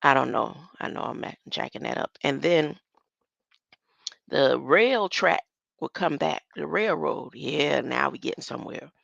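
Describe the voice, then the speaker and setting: Gravelly, slow-talking older woman. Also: sits low, expressive, a bit bright, dry recording, highs cut off. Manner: rambling, musing aloud, laughs often. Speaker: online streamer. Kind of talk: casual solo talk on word meanings.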